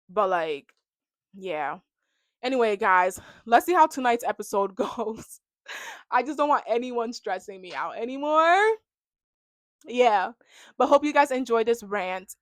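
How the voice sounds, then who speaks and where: A woman's voice: mid-range voice, no echo. Chatty young woman, dry sound. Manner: chatty, heavy on "like", animated reactions. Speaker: reality TV recap vlogger. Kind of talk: casual rant to camera.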